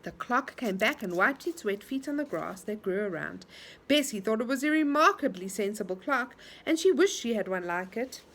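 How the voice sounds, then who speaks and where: A woman reading a storybook aloud to a child in an animated way, stopping to ask questions. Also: a little high, normal speed.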